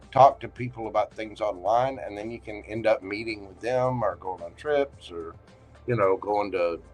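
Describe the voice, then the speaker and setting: A man with a Southern accent hosting a livestream tarot reading, talking in a folksy, joking and reassuring way. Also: lowish voice. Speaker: tarot reader and livestream host.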